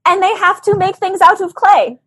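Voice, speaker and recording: A woman's voice: very high voice, steady tone, normal speed, fairly bright tone. A woman guesting on a podcast, chatting enthusiastically with friends. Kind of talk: casual group podcast chat.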